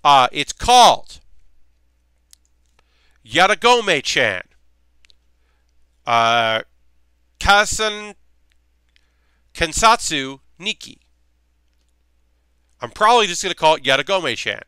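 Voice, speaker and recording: A man's voice: on the high side, big pitch swings, takes it slowly, pauses often, bright, forceful tone, smooth, dry recording. A young man hosting a livestream, rambling casually with lots of fillers between points. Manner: rambling, filler-heavy, chatty. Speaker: streamer hosting a model-building show.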